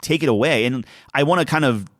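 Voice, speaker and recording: A man's voice: medium pitch, fast talker, a bit bright, no echo, clean studio sound. A man co-hosting a podcast in casual chat. He rambles with restarts and acts out quoted lines. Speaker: podcast co-host.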